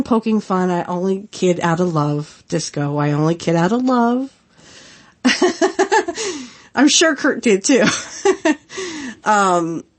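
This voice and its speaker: A woman in her thirties hosting a podcast, chatting casually on her own with lots of giggles and filler words. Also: mid-range voice. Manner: giggly, rambling, many fillers. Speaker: podcast host. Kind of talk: casual solo commentary.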